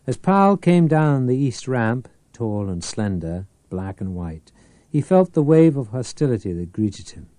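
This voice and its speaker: A man narrating a novel in an expressive, scripted reading. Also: mid-range voice, dry recording. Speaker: audiobook narrator.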